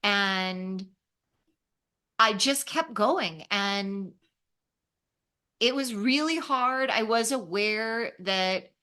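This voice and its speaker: A woman in her fifties from Los Angeles, a travel writer telling stories in an interview, animated and acting out the voices she quotes. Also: mid-range voice, extremely slow, long pauses, clear, resonant tone. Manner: animated, acts out quoted voices, laughs often. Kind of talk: casual storytelling in an interview.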